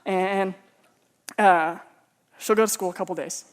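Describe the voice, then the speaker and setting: A man's voice: high voice, steady tone, measured pace, clear, resonant tone. Joking, chatty male preacher. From Texas. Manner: humorous, conversational, self-mocking. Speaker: pastor. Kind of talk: sermon with personal storytelling.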